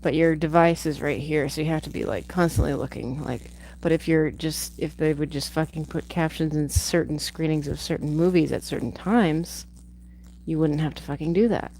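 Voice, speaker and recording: A woman's voice: deep voice, fairly even intonation, moderate pace, dark tone, a little hiss or hum, poor audio. A woman hosting a livestream from home, chatting casually and rambling off on tangents, swearing now and then. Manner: rambling, digressive, swears freely. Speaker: livestream host reviewing a film. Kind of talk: casual chat.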